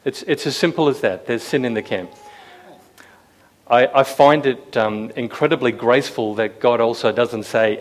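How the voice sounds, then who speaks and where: A man's voice: mid-range voice, moderate pace. A man preaching to a room full of listeners in an easygoing, conversational way. He keeps putting questions to the room and acts out quoted lines with a raised voice. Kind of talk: sermon. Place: room with a live audience.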